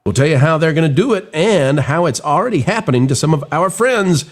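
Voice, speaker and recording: Animated man hosting a live news stream. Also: a little high, brisk. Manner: animated, theatrical delivery. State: getting over a cold. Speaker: show host.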